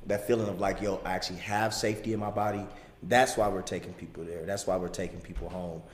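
A man's voice: deep voice, steady tone, fast. A man hosting a casual conversation, earnest and reflective, recorded in an echoey room. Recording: echoey room with faint noise.

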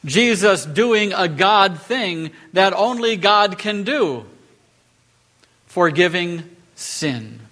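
A man's voice: sits high, animated, drawn-out words, fairly bright tone. A man preaching a sermon from the pulpit, emphatic and building to rising, rhetorical lines. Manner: emphatic, rhetorical questions, rising on key phrases. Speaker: pastor. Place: church.

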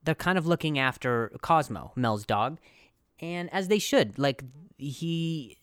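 A man's voice: on the high side, animated, slow, a bit bright, clear, resonant tone, no room sound, clean studio sound. Rambling, joking man on a podcast. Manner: rambling, jokey, full of restarts and asides. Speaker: podcast host. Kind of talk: casual comedic podcast chat.

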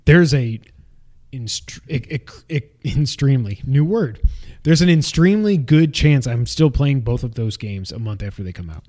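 Man, podcast co-host, casual gaming chat, rambling, jokey, average pitch. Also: expressive, moderate pace, darkish tone. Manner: jokey, rambling, laughs at himself.

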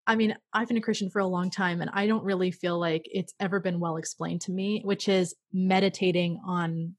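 A woman's voice: on the low side, steady tone, fairly quick, no echo, studio quality. A woman hosting a casual interview, an encouraging listener who laughs often. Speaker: podcast host.

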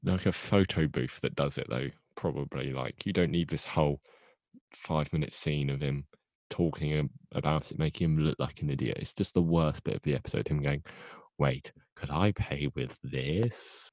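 A man's voice: a bass voice, fairly even intonation, fairly quick, a little mellow, no room sound. A man co-hosting a casual podcast, adding wry, joking interjections. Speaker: podcast co-host. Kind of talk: casual chat.

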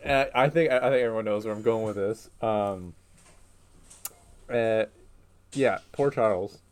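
Casual male co-host, lowish voice, hesitant and laid-back. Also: unhurried, clean tone. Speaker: podcast co-host. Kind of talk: casual chat.

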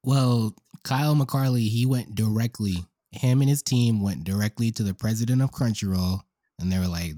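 A man's voice: on the low side, moderate pace, warm tone, no echo, studio quality. A man co-hosting a podcast in casual chat, laid-back and slangy, often calling others "bro". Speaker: podcast co-host.

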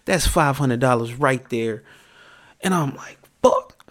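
A man's voice: medium pitch, measured pace, fairly bright tone. A man hosting his own podcast, telling a story in a casual monologue and ranting with plenty of profanity. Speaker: podcast host.

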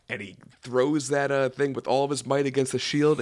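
A man's voice: medium pitch, a little fast, hardly any pauses, dry recording. Profane ranting man, dry sound. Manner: profane, animated storytelling with sound effects. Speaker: podcast co-host. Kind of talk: casual episode review rant.

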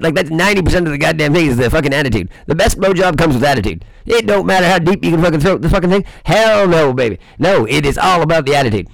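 Male host, raspy, talks fast and rambles through a profane comic rant. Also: fairly high pitch, lively intonation, no echo, rough recording. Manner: rambling, swearing constantly, boisterous. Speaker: host of a crude comedy show. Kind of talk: profane comedic monologue.

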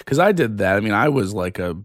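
A man with a fairly low voice is a guest on a casual podcast. He talks in an animated way, his voice jumps up when he gets heated, and he swears freely. The sound is dry and close-miked. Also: fast, no room sound.

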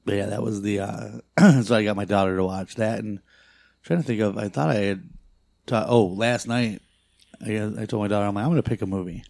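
A middle-aged man co-hosting a podcast, telling animated stories in casual chat and swearing freely. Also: lowish voice, fairly quick, creaky, no echo, studio quality. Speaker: podcast co-host.

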